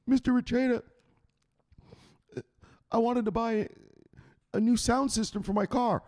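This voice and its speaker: A man's voice: very high voice, steady tone, a little slow, darkish tone, pitched above the performer's own voice. A man voicing a timid male investor who pleads in a whiny way. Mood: pleading.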